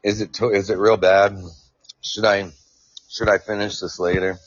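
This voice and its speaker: A man's voice: on the low side, flat delivery, normal speed, muffled recording, slight background noise. A man hosting a live podcast, explaining science casually, stumbling over words and joking with his chat. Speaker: podcast host. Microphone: new earphones mic.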